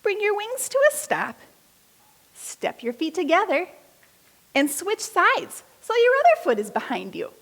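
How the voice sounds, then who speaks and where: A woman leading a kids' yoga class, giving slow, encouraging step-by-step instructions between story readings. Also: very high voice, sing-song, gravelly, a bit bright. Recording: long hall reverb.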